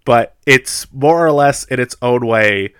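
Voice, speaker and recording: A man's voice: medium pitch, slow, fairly bright tone, clean tone, dry recording, clean studio sound. An American man in casual chat about films, laughing often and acting out quotes in funny voices. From United States.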